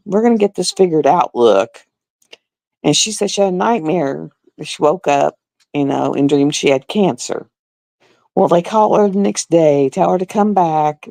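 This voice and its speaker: A woman's voice: low voice, gravelly, darkish tone, no echo. A woman, telling a story on a live stream. She sounds indignant, repeats herself, and acts out other people in a raised voice.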